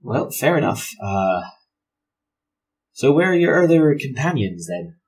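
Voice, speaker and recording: A man's voice: mid-range voice, very animated, a little slow, voice pushed up. A man voicing a kind, reasonable male traveller who rambles politely in a tabletop role-play. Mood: friendly. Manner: rambling and polite, with many fillers.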